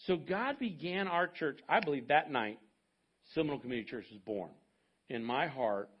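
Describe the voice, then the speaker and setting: A man in his fifties, a pastor preaching a sermon and telling a personal story with animated asides to the congregation. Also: on the high side, normal speed, breathy edge, muffled recording.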